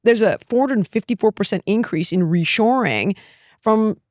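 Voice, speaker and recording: A woman's voice: medium pitch, animated, moderate pace, dry recording, clean studio sound. A middle-aged woman from the United States, a guest speaking candidly and emphatically in an interview, often breaking into laughter. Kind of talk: candid political talk.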